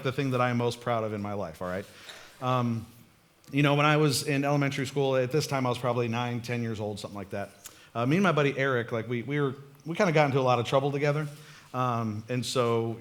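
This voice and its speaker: A young adult man, a pastor, giving a casual, storytelling sermon in church, joking and laughing often as he talks to the congregation. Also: medium pitch. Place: church sanctuary.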